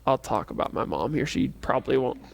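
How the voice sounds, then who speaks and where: A man's voice: mid-range voice, lively intonation, brisk, vocal fry. A man leading a casual church youth lesson in a rambling, chatty way, full of fillers and restarts. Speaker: youth Bible teacher.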